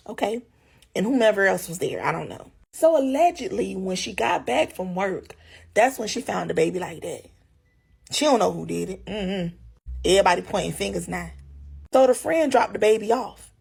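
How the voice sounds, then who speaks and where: A woman with a gravelly voice giving slow, deliberate commentary to her viewers. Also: medium pitch, darkish tone. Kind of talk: social media commentary.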